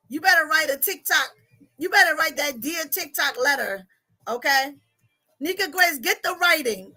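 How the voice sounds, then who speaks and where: A woman's voice: sits high, lively intonation, a little slow, long pauses, pushed and bright. A woman coach chatting casually and playfully, teasing her listeners and laughing often. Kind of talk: casual live chat.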